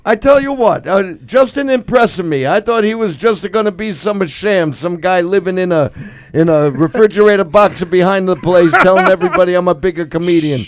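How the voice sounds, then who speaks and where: A man's voice: high-pitched, brisk, lightly acted. A man voicing a brash, crude Italian-American guy from Staten Island with a put-on accent, trading roast insults. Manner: gruff, cocky, laughs at own jokes. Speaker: roast battler.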